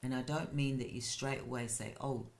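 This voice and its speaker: A man who runs a care business, hosting a live stream and giving casual advice in a slow, halting way with frequent restarts. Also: mid-range voice, steady tone, gravelly.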